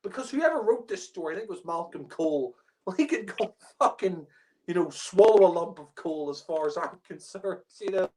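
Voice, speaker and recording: A man's voice: high-pitched, lively intonation, moderate pace, dark tone. A man giving a casual spoken review rant, exasperated and profane, laughing often and using many fillers.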